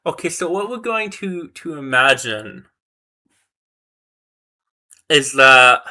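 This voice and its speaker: Bright-voiced man muttering through flashcards. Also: a little high, lively intonation, slow pace. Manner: muttering, self-correcting, repeating words to memorize them. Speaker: vlogger learning a language. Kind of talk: casual thinking aloud while studying flashcards.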